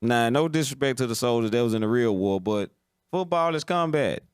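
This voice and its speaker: A man's voice: mid-range voice, lively intonation, a little fast, clean tone, no room sound, studio quality. A man hosting a live football talk stream, giving blunt opinions in casual commentary and often checking "you understand?".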